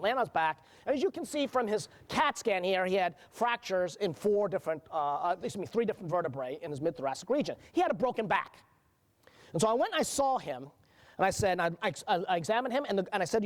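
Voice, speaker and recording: A middle-aged man from the United States giving a conference keynote, telling stories earnestly with halting restarts. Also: high voice. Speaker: agency director giving a keynote.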